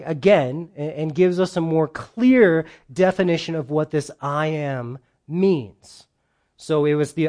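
A man's voice: on the high side, a little mellow. Earnest, conversational male pastor preaching. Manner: earnest and conversational, with asides to listeners. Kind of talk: sermon.

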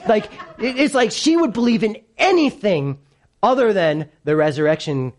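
A man preaching a sermon to a congregation with kids present, animated and playful, swinging from hushed lows to loud peaks. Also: normal speed. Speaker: pastor.

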